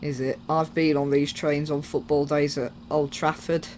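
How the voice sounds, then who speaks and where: Man, casual gameplay commentary, rambling and self-mocking, slightly high voice, faint game noise behind. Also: flat delivery, moderate pace. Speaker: gaming YouTuber.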